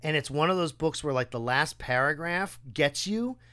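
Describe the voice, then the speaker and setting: A man hosting a podcast, chatting casually and acting out quotes with a raised, animated voice. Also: fairly high pitch, normal speed, smooth. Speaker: podcast host. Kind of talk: casual conversation.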